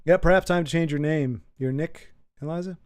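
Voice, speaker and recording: A man's voice: on the high side, fairly quick, a little mellow. A man hosting a casual stream, reading out chat and thinking aloud, rambling and often repeating words as he goes. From United States. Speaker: livestream host reading chat.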